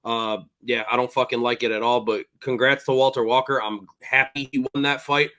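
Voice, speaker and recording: A man's voice: medium pitch, little pitch movement, fairly quick, bright, forceful tone. A man hosting a fight recap podcast, recounting the action at length in blunt, profane casual chat. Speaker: podcast host.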